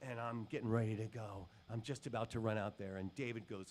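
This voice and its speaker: A man's voice: fairly low pitch, fairly even intonation, fairly quick, hardly any pauses, a little mellow. Casual, rambling male guitarist telling stories. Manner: casual and rambling, with many "um" and "you know". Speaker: guitar clinician. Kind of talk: storytelling talk to a live audience. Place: music store clinic.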